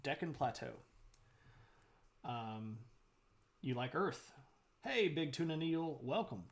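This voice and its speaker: A man's voice: on the high side, sing-song, slow. A man streaming a casual history lecture, chatty, greeting viewers and laughing often.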